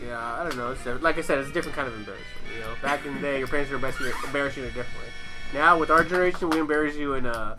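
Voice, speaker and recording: A man's voice: medium pitch, over music. A man in his thirties and a parent, chatting casually with laughs and swearing. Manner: fast, laughing, profane. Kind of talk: casual chat.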